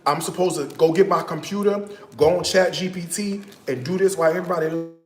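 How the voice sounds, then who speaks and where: A man hosting a cooking livestream from his home kitchen, chatting straight to his viewers in a casual, animated way, often dropping to a hushed, half-sung tone. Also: on the high side, fast, reverberant, faint music behind. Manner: slips into hushed, half-sung tones now and then.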